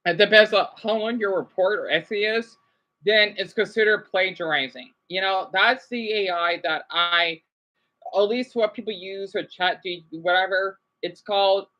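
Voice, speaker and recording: A woman's voice: mid-range voice, moderate pace, lo-fi sound. A woman vlogger giving rambling, chatty livestream commentary with frequent restarts and check-ins with the audience.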